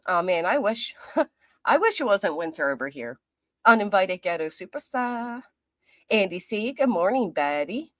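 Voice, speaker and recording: A woman's voice: medium pitch, a bit bright, dry recording. Chatty woman host greeting viewers. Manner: chatty and friendly, reading out viewer names. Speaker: livestream host. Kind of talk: casual chat greeting live viewers. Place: apartment.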